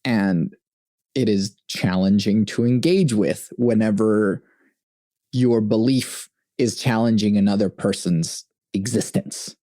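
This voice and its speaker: Mellow-voiced man hosting a podcast. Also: lowish voice, no room sound, studio quality. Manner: thoughtful, halting, laughs often. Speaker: podcast host. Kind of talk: casual conversation.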